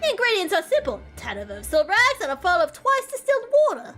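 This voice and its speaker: A woman playing a bossy mother who scolds in a drifting put-on accent, her voice very high and bright. It swings widely in pitch. She is sharp-tongued and domineering. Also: huge pitch swings, fast talker, soft background music, exaggerated voice. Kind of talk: reading game dialogue aloud.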